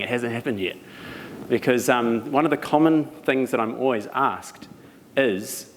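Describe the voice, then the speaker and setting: A young New Zealand man gives a lively storytelling talk to a live audience, laughing between anecdotes. His voice is recorded in a reverberant hall with a long echo tail and a faint wash of background noise. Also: medium pitch, moderate pace. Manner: animated, laughing as he tells stories. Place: event venue.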